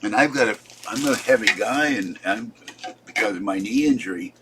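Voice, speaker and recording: A man's voice: on the low side, normal speed, very noisy. A man in his seventies, tired and upset, rambling through a casual vlog and complaining as he trails off. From Pittsburgh. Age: 70s. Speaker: vlogger.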